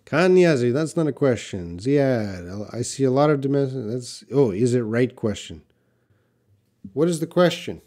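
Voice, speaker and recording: A man's voice: mid-range voice, expressive, unhurried, a little mellow. Canadian man teaching English live. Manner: direct, reads viewer comments aloud and answers them. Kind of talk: live-stream Q&A lesson.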